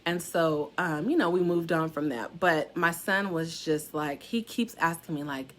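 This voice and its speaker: A middle-aged woman casually telling her followers a personal story, animated and expressive, with big jumps in pitch when she quotes people. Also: measured pace, hardly any pauses. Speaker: salon suite owner sharing a warning.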